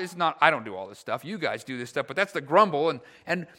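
A male pastor delivers his sermon with a high, bright voice. His pitch swoops widely as he presses his points bluntly and acts out the grumbles of his congregation. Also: quick pace, few pauses. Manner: animated, blunt, acts out grumbling church members in quoted voices.

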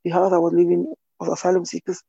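A woman from Cameroon, telling her own story in an interview in an earnest, halting way with many restarts. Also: on the low side, monotone, gravelly, dark tone, slightly rough, dry recording, highs cut off. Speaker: interview guest. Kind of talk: personal testimony in conversation.

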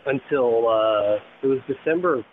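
A man hosting a podcast over a phone line, chatting casually with halting restarts. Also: medium pitch, slight background noise. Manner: halting, many restarts, laughs easily. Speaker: podcast host. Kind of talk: casual chat. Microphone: phone call.

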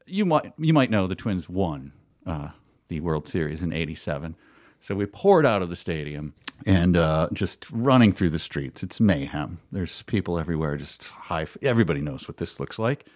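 A man's voice: deep voice, very animated, moderate pace, darkish tone, no echo, studio quality. A man in his fifties from Minnesota telling a long, rambling story in casual chat, laughing often at himself. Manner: rambling, self-amused storytelling with frequent laughs. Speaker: storyteller guest.

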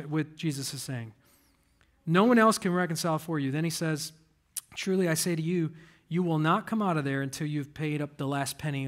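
High-voiced man preaching with swings in intensity. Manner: dynamic preaching, swinging between quiet and emphatic. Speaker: pastor. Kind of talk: sermon.

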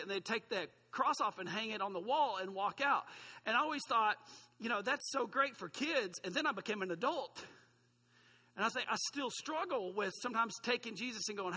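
Bright, husky-voiced male pastor preaching. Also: sits high, animated, a little fast, long reverb tail. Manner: conversational, self-deprecating preaching with asides to the congregation. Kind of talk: sermon.

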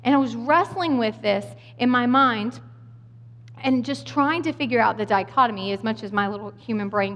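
A woman in her thirties or forties telling a funny story in a sermon, acting out voices along the way. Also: a little high. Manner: animated, humorous, acts out voices. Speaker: speaker giving a sermon. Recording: long hall reverb.

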